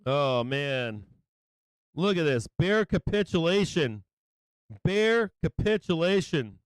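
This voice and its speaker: A man hosting a live stock market stream, excitable and taunting, repeating his phrases and laughing often. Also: high voice, smooth, no echo. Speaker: stock market livestream host.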